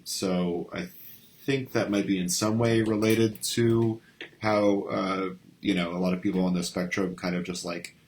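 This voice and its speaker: A man hosting a casual stream discussion, talking haltingly with lots of fillers and restarts. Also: sits low, a little hiss or hum.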